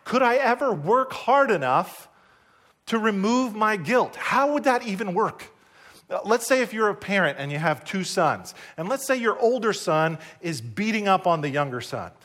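Male pastor, high voice, emphatic church sermon delivery. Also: a bit bright. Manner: emphatic, rising to high bursts on key points. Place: church service.

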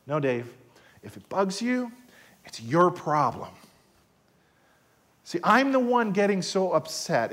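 A male pastor delivers a sermon in a slightly high, very lively voice. He swings between hushed, intimate asides and loud, emphatic rises. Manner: animated preaching with sudden soft drops and loud rises.

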